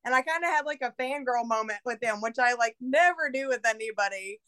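A woman's voice: on the high side, a little fast, pushed and bright. A woman guest on a podcast, talking casually and rambling, swearing a lot and saying "like" constantly. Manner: profane, rambling, heavy use of "like". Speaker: podcast guest, independent filmmaker.

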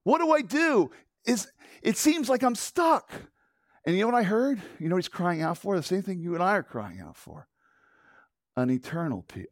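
A male pastor preaches with a high, lively voice that swoops up and down. He restarts his phrases and repeats words, and he puts questions straight to his listeners. The recording is close and dry, with no room sound. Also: dry recording. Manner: rhetorical questions to the congregation. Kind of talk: sermon.

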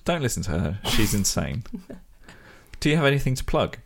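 A man's voice: fairly low pitch, sing-song, quick pace, creaky. A young man from London hosting a podcast, teasing his guest in a dry, joking way. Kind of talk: casual comedic chat.

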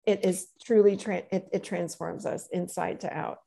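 A middle-aged woman coach telling stories in a gentle, reflective way in a casual interview. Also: on the low side, steady tone, normal speed, gravelly. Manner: gentle, reflective storyteller with many "you know"s.

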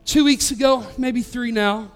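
Man, pastor, very high voice, earnest storytelling sermon, conversational, stumbles and restarts, faint music underneath. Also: measured pace, smooth.

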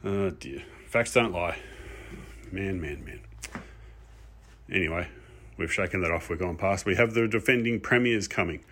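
A man's voice: low-pitched, normal speed, long pauses, fairly bright tone. A man playing a self-styled lord, a frustrated, ranting sports fan persona. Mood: exasperated rant. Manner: ranting, exasperated, swearing. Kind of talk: pre-recorded comic rant segment.

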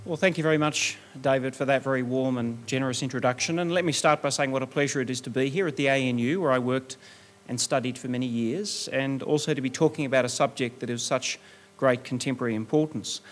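A middle-aged man with an Australian accent delivering a formal public lecture in a measured, articulate manner. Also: medium pitch, a little hiss or hum. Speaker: guest lecturer.

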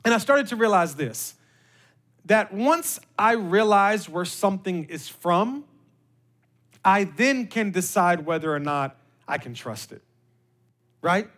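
A male pastor giving a conversational sermon, joking with the congregation and reading scripture slowly and deliberately. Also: high voice, animated, a bit bright. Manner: conversational, joking, with repeated words.

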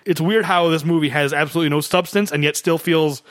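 A man's voice: fairly high pitch, fast, a little hiss or hum. A man co-hosting a podcast, chatting casually about a film and acting out quotes. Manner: relaxed, chatty, acts out quotes. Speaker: podcast co-host.

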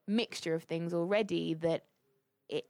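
A woman from Britain leads a podcast conversation with careful, open questions. Her voice is very low and gravelly. The sound is dry and close. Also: fairly even intonation, a little slow, darkish tone, dry recording. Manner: thoughtful, asks open questions, frequent mm-hmms. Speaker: podcast co-host. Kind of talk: casual discussion.

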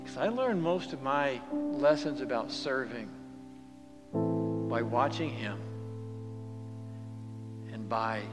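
Dramatic preacher man, hushed to booming. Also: lively intonation, takes it slowly, pauses often. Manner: swings from hushed near-whispers to loud, rising exhortation. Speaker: pastor. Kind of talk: sermon. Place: church sanctuary. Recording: long church reverb with music behind. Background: guitar music.

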